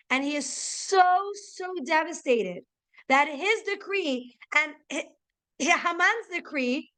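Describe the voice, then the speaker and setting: A young woman with a fairly high voice teaches a religious class as a story. She narrates with animated energy and lifts her pitch to voice the characters' lines. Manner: lively storytelling, acting out dialogue with raised pitch. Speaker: Torah teacher. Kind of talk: storytelling lesson.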